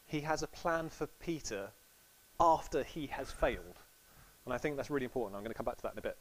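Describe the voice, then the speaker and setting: A man's voice: mid-range voice, quick pace, a little hiss or hum, poor audio. A man giving a casual, chatty sermon to a congregation, acting out quotes with laughs. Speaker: preacher.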